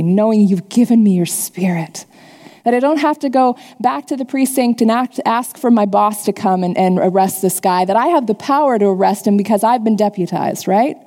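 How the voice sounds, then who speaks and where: A woman preacher with a fairly high but mellow voice talks through her sermon casually, as if chatting with her congregation. Her words ring out with a long reverb, like a church sanctuary. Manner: warm, conversational preaching with laughs and asides. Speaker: pastor.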